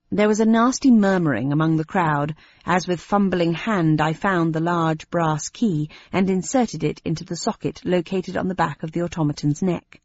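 Low-voiced woman narrating an audiobook. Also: a little mellow, no echo. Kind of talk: scripted first-person narration. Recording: dry, slightly dull lo-fi sound.

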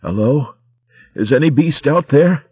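A man's voice: fairly high pitch, lively intonation, unhurried, husky, no echo, highs cut off, voice pushed up, exaggerated voice. Man doing a frail old mouse abbot. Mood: anxious. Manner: fearful, frail.

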